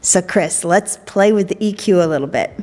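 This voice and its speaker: A woman's voice: fairly low pitch, moderate pace, darkish tone. A middle-aged woman minister giving a sermon during worship, with a playful manner and joking asides. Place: church sanctuary during worship. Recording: long reverb of a large hall.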